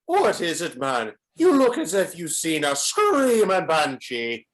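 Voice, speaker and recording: An actor playing a jovial, boastful police inspector in an amateur radio play. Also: male voice, fairly high pitch, huge pitch swings, slow pace, a bit bright, exaggerated voice. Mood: hearty.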